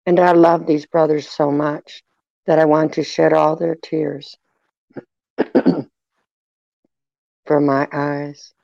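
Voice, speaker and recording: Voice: medium pitch, vocal fry, dry recording, lo-fi sound. A reader voicing Jesus, sorrowful and tender. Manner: measured, even delivery. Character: sorrowful man speaking as Jesus, tender and grieving. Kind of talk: devotional reading aloud.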